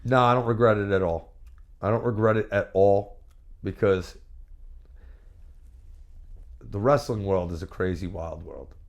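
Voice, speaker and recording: A former pro wrestler with a fairly low, gravelly voice speaks at a measured pace with long pauses, and the recording is muffled. Interviewed in a candid shoot format, he is brash, boastful, and profane, telling animated stories punctuated by bursts of repeated words.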